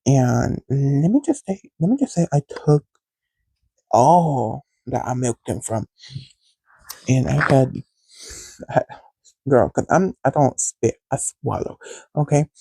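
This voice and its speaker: Male host, frank rambling storyteller; very dark, husky voice, dry close sound. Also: medium pitch, lively intonation, slow, pauses often, no room sound, low-quality recording. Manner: candid, rambling, addresses listeners directly. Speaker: podcast host. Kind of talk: casual storytelling.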